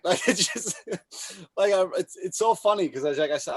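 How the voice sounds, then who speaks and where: A man co-hosting a podcast, loud, brash and excitable in casual chat. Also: high-pitched, brisk, no room sound. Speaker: podcast co-host.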